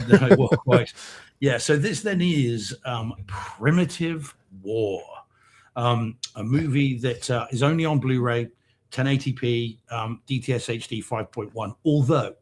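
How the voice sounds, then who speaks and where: A man's voice: medium pitch, unhurried, a little mellow. A British man co-hosting a casual live-stream chat, rambling and hesitant with lots of ums, laughing often. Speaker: co-host. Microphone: remote video-call mic.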